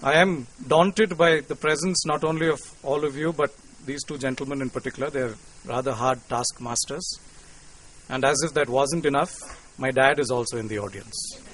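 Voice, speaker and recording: A man with an Indian English accent giving a formal, courteous public lecture to an audience, measured and lightly humorous. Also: mid-range voice, fairly bright tone, a little hiss or hum, low-quality recording. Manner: courteous, measured, with cricket quips. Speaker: invited lecturer. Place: lecture hall.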